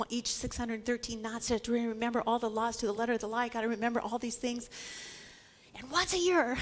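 A woman with a high, bright-pitched voice teaches scripture with real conviction. She leans on repeated words for emphasis and slips into the voices of the people in the stories she tells. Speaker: Bible teacher. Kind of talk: Bible study teaching.

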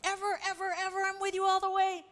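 A woman's voice: very high-pitched, monotone, fast, fairly bright tone, voice pushed up. A woman voicing a panicky male apostle who protests in a flustered rush. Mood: protesting.

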